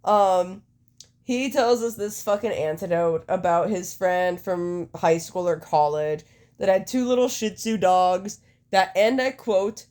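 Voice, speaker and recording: A young adult woman co-hosting a podcast, recapping a show in casual chat with profane, animated storytelling. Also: fairly low pitch, unhurried. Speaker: podcast co-host.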